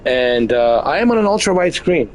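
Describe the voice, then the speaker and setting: A man's voice: medium pitch, sing-song, moderate pace, lo-fi sound. A man giving casual, joking live commentary on a flight game from his bedroom, full of exaggerated mock complaints. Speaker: game streamer. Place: bedroom at home.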